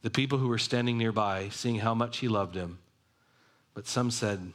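A man's voice: fairly low pitch, normal speed, fairly bright tone. A man preaching a sermon, reading a passage aloud and explaining it in a conversational way. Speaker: pastor.

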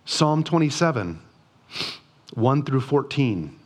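A man's voice: mid-range voice, sing-song, slow. A man giving a devotional Bible teaching, reading passages aloud and asking earnest rhetorical questions.

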